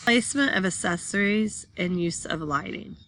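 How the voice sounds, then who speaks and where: A woman's voice: medium pitch, normal speed, vocal fry, a bit bright, a little hiss or hum. A woman teaching a class, reading slide text aloud and then explaining it while pointing at pictures.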